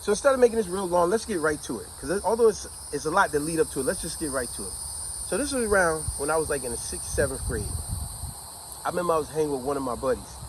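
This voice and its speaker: A middle-aged man casually telling a childhood story to camera in a conversational, slangy, animated way. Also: fairly high pitch, quick pace, slight background noise, rough recording.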